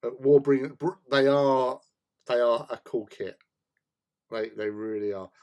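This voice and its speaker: A relaxed man talks his way through a model-building stream, greeting viewers by name and joking with them. His voice is mellow and dark, and he chats at an easy, middling pitch. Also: unhurried, lo-fi sound. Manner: chatty, reads out and answers chat, jokey asides. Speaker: hobby stream host. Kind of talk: casual chat while building models.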